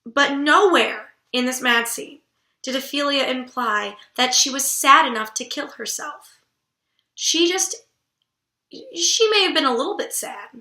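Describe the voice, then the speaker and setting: Blunt, bright-voiced woman vlogger. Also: sits high, lively intonation, unhurried, roomy sound. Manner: blunt and irreverent, swears casually. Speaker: book vlogger host. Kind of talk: casual literary commentary.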